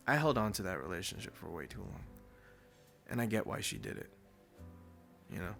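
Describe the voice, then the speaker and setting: Gravelly, swearing young man telling a story. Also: low-pitched, big pitch swings, fairly quick, a bit bright, faint music behind. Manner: blunt, heavy swearing, says "dude" often. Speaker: podcast host. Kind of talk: casual storytelling monologue.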